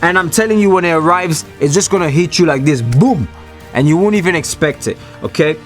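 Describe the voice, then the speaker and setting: A man's voice: a little high, lively intonation, a little fast, soft background music. A man giving a preachy motivational talk to camera from a small room, alone, emphatic and repetitive as he addresses the viewers directly. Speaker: Christian motivational speaker.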